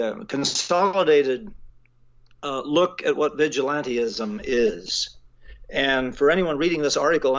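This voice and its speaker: A man talking as the guest of an interview, measured and a little halting, often pausing on fillers. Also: mid-range voice, dull audio. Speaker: guest writer. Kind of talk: casual phone interview.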